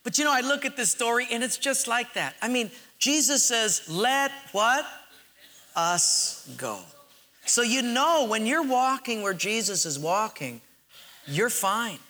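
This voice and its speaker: A man preaching a sermon, telling a story with animated acted-out quotes and slowing to stress key phrases. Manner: animated storytelling, acts out quotes with big pitch jumps.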